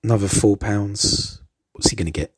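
A man's voice: on the low side, normal speed, slightly rough. A man giving casual, hesitant commentary over an old TV show, stammering and adding chuckling asides.

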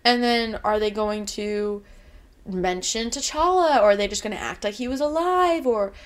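A woman's voice: medium pitch, normal speed. A young woman co-hosting a casual fan podcast, talking in a chatty, emotional way with many filler words. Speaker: podcast co-host.

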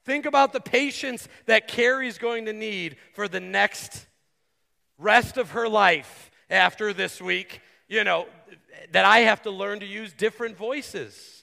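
A man preaching a sermon as pastor, earnest and conversational, with quick asides to the congregation. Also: high voice, gravelly, bright, forceful tone. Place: church sanctuary. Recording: long hall reverb.

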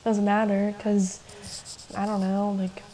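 A woman's voice: mid-range voice, monotone, slow pace, warm tone, rough recording. A young woman co-hosting a podcast, telling a personal story in a loose, chatty way full of "like" and laughing asides. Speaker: podcast co-host. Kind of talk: casual storytelling chat.

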